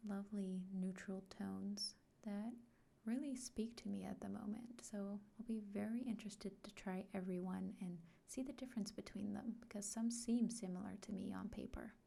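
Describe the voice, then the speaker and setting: Soft, whispery woman with a gravelly edge. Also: mid-range voice, fairly even intonation. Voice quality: frequently whispered. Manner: slow, gentle and soft-spoken. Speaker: art vlogger. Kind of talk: soft-spoken unboxing vlog.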